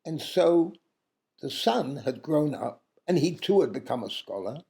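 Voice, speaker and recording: A man telling a traditional tale aloud in an unhurried way, pausing often and stopping now and then to correct himself. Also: fairly high pitch, very animated, vocal fry, a little mellow. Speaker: storyteller. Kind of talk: oral storytelling of a traditional tale.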